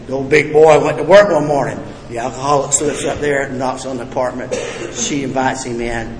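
A man speaks at a recovery meeting in a blunt, folksy way, cracking profane jokes. His voice is mid-range and fairly quick, recorded in an echoey, reverberant hall with faint ambience.

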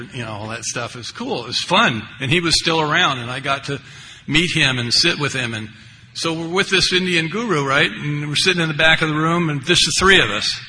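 In an echoey hall with faint noise behind him, an older man at a recovery meeting gives a rambling, wry account of his recovery, peppered with conversational asides. His voice is fairly high, pushed and bright.

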